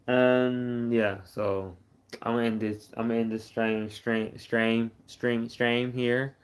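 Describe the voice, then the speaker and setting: A man's voice: mid-range voice, level tone, takes it slowly. A tired young man from Texas chatting casually on a late-night live stream, rambling and repeating himself.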